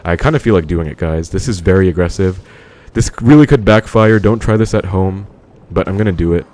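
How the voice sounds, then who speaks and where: A man's voice: sits low, a little fast, a little mellow. A man giving casual live commentary on his own game, thinking aloud and talking to viewers as he plays. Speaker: gaming commentator.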